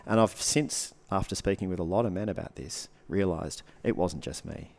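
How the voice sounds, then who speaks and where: A man with a somewhat low voice talks as a podcast guest, sharing what he has learned as a coach. His delivery is loose and conversational. He swears freely and slips into lively acted reactions to make his points. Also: moderate pace, vocal fry. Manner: animated, swears freely, acts out quoted reactions.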